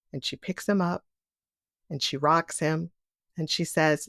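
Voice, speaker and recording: Storyteller: middle-aged woman, lowish voice, vivid present-tense retelling, close dry mic. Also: fairly even intonation, normal speed, gravelly, pauses often, fairly bright tone, dry recording. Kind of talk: live personal storytelling.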